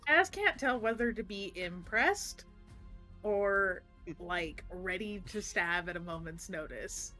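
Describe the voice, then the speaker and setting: Bright-voiced, blunt woman player. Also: medium pitch, lively intonation, slow, faint music behind. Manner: casual, blunt, swears. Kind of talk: playing a tabletop game.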